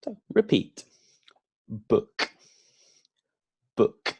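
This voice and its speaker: A man teaching beginner English, drilling words slowly with emphatic repetition. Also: a little mellow, no echo.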